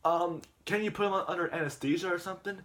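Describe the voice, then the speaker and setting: A man's voice: sits high, fairly even intonation, quick pace, a bit bright, pitched above the performer's own voice. A man voicing an exasperated, blunt father. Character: fed-up middle-aged dad, blunt.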